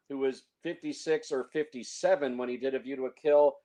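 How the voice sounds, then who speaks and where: A man's voice: medium pitch, steady tone, brisk, dark tone. A man reviewing films in casual chat, opinionated, stumbling over restarts and fillers. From San Francisco Bay Area. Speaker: film reviewer.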